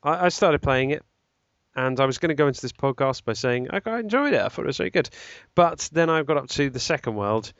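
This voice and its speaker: A man's voice: mid-range voice, lively intonation, fast talker, a bit bright, dry recording. A man co-hosting a podcast, rambling and correcting himself with lots of ums. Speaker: podcast co-host. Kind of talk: casual chat. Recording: dull, slightly lo-fi dry sound.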